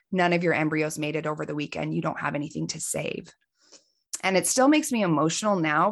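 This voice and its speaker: A woman in her forties, a life coach hosting her own podcast, telling a personal story in an earnest, heartfelt way, with pauses and fillers. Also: deep voice, creaky. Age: 40s.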